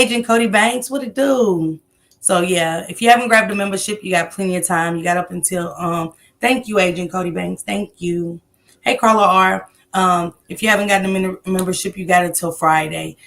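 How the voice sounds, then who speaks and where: A woman's voice: fairly low pitch, creaky, fairly bright tone. A woman hosting a casual livestream, greeting viewers by name and rambling loosely between comments. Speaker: livestream host.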